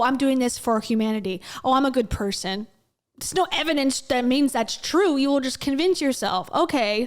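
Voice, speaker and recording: A woman giving blunt, sarcastic reaction commentary on a podcast clip. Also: high-pitched. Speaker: video commentator.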